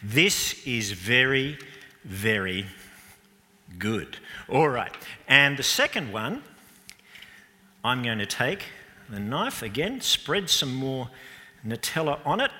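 A man's voice: mid-range voice, sing-song, takes it slowly, long pauses, bright, forceful tone. A man giving a playful children's talk at church, chatty and jokey, asking the audience questions. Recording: echoey church hall.

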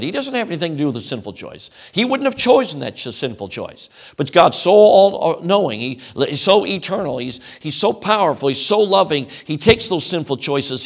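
A middle-aged man preaching a sermon, emphatic and rhythmic, stacking repeated phrases into lists. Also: on the high side. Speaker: traveling preacher.

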